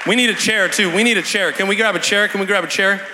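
A young man preaching an energetic Pentecostal sermon with call-and-response, fast and excited, repeating words and shouting to the crowd in a large church hall. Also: high-pitched, heavy background noise. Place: large church hall at a live worship night. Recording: long hall reverb from a live event.

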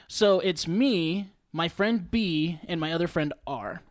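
A young man casually telling a wild story to friends, animated and slangy. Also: on the high side, slow, dry recording. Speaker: podcast storyteller.

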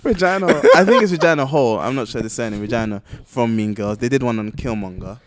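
A man co-hosting a podcast in casual chat, lively and joking, often laughing at himself. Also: mid-range voice. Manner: animated, jokey, quick to laugh. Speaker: podcast co-host.

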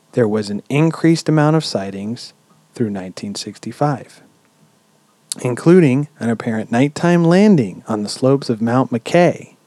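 A man's voice: medium pitch, no room sound. Swearing laid-back podcast guy, dry mic. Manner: relaxed, swears freely, many "um"s. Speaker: podcast host. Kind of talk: casual podcast storytelling.

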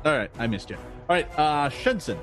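A man running a tabletop game as game master, narrating monsters' attacks and calling for rolls with a lively, laughing manner. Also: a little high, brisk, faint music behind.

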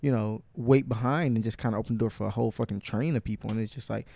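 A man's voice: lowish voice, fast, creaky. A man hosting a casual podcast, telling stories with lots of swearing and acted-out quotes. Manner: profane, animated storytelling with put-on quotes. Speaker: podcast host.

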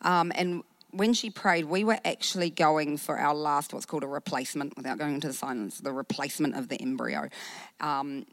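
A woman's voice: low-pitched, brisk, no room sound. New Zealand woman pastor telling her story. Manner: animated storytelling with acted-out quotes. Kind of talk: personal story sermon.

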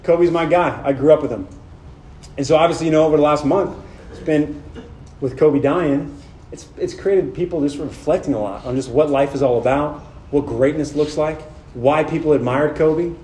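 A young man from Southern California preaching to a men's retreat in a casual, animated way, talking right to the crowd. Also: on the high side, moderate pace, roomy sound, a little hiss or hum. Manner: casual, animated, talks directly to the audience. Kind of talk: sermon.

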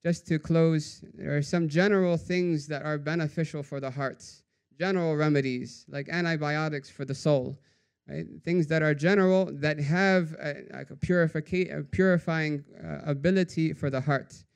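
A man giving a storytelling sermon in a conversational way, often adding "right?" and dropping to a hushed voice for quoted sayings. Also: a little high, steady tone, normal speed, gravelly, smooth. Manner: conversational, says "right?" after nearly every phrase. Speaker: religious teacher.

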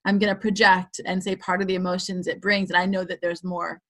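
A woman's voice: on the low side, level tone, a bit bright. Middle-aged woman hosting a podcast, earnest, stretches out her words, heartfelt. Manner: earnest, slow and heartfelt, drawn-out phrasing. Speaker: podcast host. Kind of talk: reflective interview talk.

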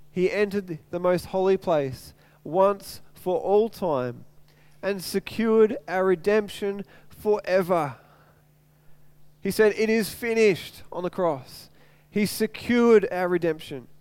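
A man's voice: sits high, lively intonation, takes it slowly, darkish tone, smooth, no echo. A middle-aged man preaching a sermon in an earnest way, repeating phrases to drive his point home. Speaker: pastor.

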